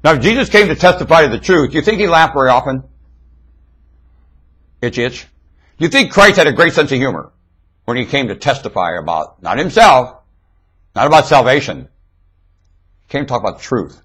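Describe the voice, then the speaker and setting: Man, husky and forceful, preachy webcam monologue, emphatic, loud-then-hushed delivery. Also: medium pitch, big pitch swings, a little fast, pauses often, rough recording. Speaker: webcam commentator. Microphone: webcam microphone.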